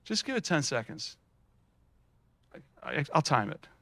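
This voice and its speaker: A middle-aged man speaks to an audience in a lively, folksy storytelling way, often restarting his sentences and padding them with fillers. His voice sits a little higher than most men's and sounds dry and close to the mic. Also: a little slow, vocal fry, no room sound. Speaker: speaker at a student showcase. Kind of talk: storytelling keynote speech.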